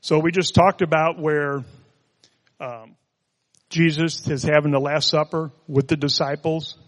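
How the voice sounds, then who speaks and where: Male preacher, relaxed and conversational, slightly raised pitch, reverberant hall. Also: unhurried. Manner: conversational, joking asides. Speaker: pastor. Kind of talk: sermon.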